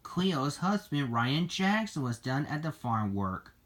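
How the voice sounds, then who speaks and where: Slow, lively storybook reader. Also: mid-range voice. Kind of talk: children's storybook reading.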